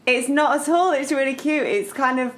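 A woman co-hosting an interview who speaks warmly, pays compliments and laughs readily. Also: high voice, normal speed, a little hiss or hum. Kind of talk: casual interview chat.

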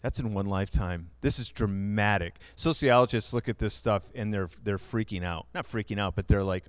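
A man's voice: on the low side, normal speed, hardly any pauses, clean tone, dry recording. A younger man preaching a sermon, explaining figures in a conversational way with asides. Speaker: pastor.

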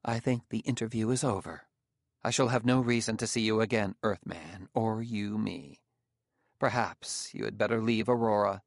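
A man's voice: lowish voice, normal speed, creaky, no room sound, clean studio sound. A man voicing a proud, cold woman scientist with a sneering, imperious manner in an audiobook reading.

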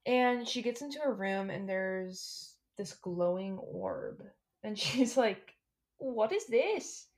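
A woman co-host in relaxed conversation, telling a story in a playful, dramatic way. She brings a bit of theater to her telling. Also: medium pitch, slow. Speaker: podcast co-host. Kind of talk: casual chat.

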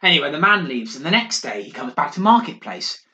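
A man on a podcast telling a ghost story in a dramatic, hushed way, building suspense. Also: a little high, big pitch swings, a little fast, highs cut off. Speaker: podcast co-host. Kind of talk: casual storytelling. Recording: roomy echo.

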